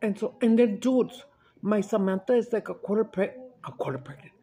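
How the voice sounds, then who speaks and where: Chatting casually while she eats on camera, this mukbang vlogger drifts through stories, uses some Spanish words, and laughs often. She speaks a little fast in a mellow, mid-range voice.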